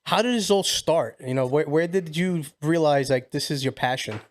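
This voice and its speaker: Male podcast host, fairly high voice, upbeat, casual questions. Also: moderate pace.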